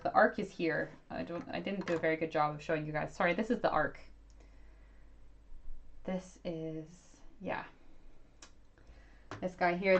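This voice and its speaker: A woman's voice: mid-range voice, a little hiss or hum. A woman in her thirties hosting a casual livestream Q&A, rambling and chatty with lots of fillers and self-corrections. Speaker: archaeologist YouTuber hosting a livestream. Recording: dull lo-fi sound.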